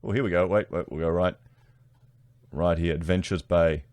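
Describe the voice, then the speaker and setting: A man's voice: sits low, fairly even intonation, moderate pace, darkish tone, no room sound. A man with an Australian accent giving blunt, casual commentary to his online viewers, often calling them guys. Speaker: political commentary YouTuber.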